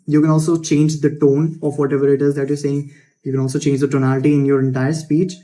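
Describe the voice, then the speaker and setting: Young man, casual advice monologue, slightly high voice, mellow tone, blunt, unscripted restarts. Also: little pitch movement, quick pace. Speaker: self-improvement creator.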